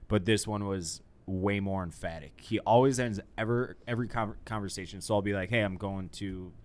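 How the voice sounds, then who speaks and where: A young man with a lowish voice hosts a casual podcast chat. He rambles along and pokes fun at himself. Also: fairly even intonation, brisk. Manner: rambling, self-deprecating. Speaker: podcast host.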